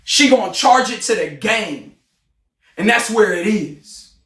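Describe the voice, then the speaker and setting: A man in a heated, confrontational livestream rant, often shouting. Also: high-pitched, animated, measured pace, distant mic. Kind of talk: ranting livestream monologue. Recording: roomy, off-mic sound.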